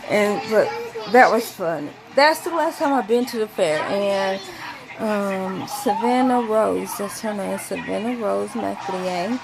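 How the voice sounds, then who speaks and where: A woman telling a rambling story to camera, acting out quotes in a high voice. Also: slow, creaky, rough recording. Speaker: vlogger.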